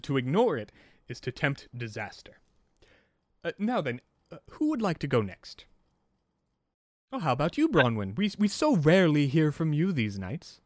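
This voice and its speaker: A man voicing a calm, therapist-like male vampire who leads a group in measured, coaxing speech, in a tabletop game. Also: fairly high pitch, dry recording, clean studio sound, pitched above the performer's own voice. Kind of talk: acted dialogue in a tabletop game.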